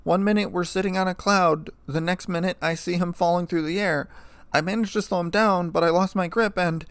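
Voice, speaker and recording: Gentle grey pegasus mare, timid, shaky, higher voice, male narrator putting her on. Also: steady tone, fairly quick, smooth, no echo. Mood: tearful.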